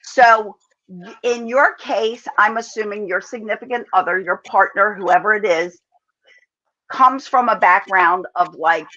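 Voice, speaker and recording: A woman parenting coach giving calm, measured advice as she answers viewers' questions in an online talk. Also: medium pitch. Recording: dull lo-fi audio.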